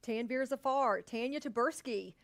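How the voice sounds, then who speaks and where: Co-host, female: upbeat, chatty name-reader, pitched a little high. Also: moderate pace. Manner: upbeat, cheering and laughing between names. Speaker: co-host of a live brokerage sales meeting. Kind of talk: casual live co-hosting, reading name lists. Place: company studio.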